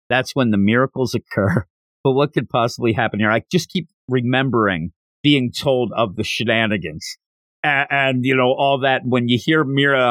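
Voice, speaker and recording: A man's voice: medium pitch, a bit bright, dry recording. A man hosting a manga review podcast, chatting casually as he recaps the plot with wry jokes. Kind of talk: casual solo review chat.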